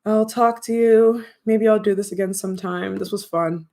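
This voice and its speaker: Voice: mid-range voice, steady tone, normal speed, dark tone. Giggly, slangy young streamer. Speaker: streamer and audio creator. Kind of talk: casual livestream chat with viewers.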